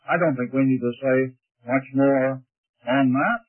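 A preacher teaching a class on speaking, animated and asking his listeners rhetorical questions as he demonstrates breathing. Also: medium pitch, unhurried. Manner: demonstrates breathing and emphasis aloud. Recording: tinny lo-fi tape recording.

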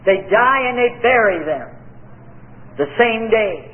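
A man's voice: sits high, expressive, slow. An American man preaching a sermon, earnest and emphatic, mixing scripture with personal stories. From United States. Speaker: pastor. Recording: tinny phone-like lo-fi audio.

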